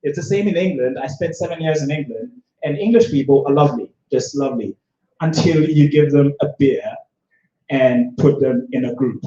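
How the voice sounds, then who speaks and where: A man's voice: medium pitch, moderate pace, dark tone. A man from South Africa doing a rambling, self-deprecating stand-up set at an open mic, with lots of restarts. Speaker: stand-up comedian. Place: open-mic stage in a bar room. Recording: echoey room, dull lo-fi sound.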